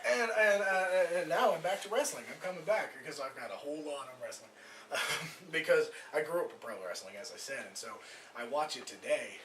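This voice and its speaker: A man's voice: a little high, expressive, brisk, fairly bright tone, recorded from a distance, a little hiss or hum. A man performing a stand-up comedy set, rambling loosely, swearing and acting out voices. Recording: echoey room recorded from afar.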